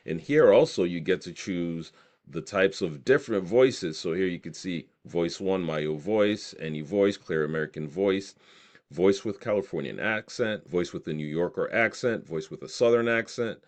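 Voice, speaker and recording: Deep-voiced man demoing software. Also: normal speed. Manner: enthusiastic, reads options aloud. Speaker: software tutorial presenter. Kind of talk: screen-recorded software walkthrough.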